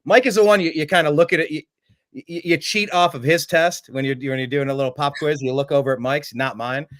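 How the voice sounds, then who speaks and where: A man hosting a casual sports chat, animated and quick to mimic other voices in his stories. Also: a little high. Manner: animated, jumps into mocking voices. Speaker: host.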